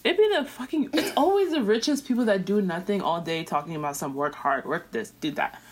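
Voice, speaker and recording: A woman's voice: medium pitch, expressive, a little fast, darkish tone. A young woman co-hosting a casual chat, agreeing often and chiming in bluntly with slang.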